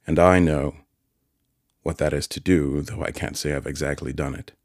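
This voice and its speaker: A man voicing a kindly, simple-spoken village blacksmith in an audiobook, with earnest, gentle country speech. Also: very deep voice, fairly even intonation, moderate pace, dry recording, studio quality. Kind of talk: audiobook character voice.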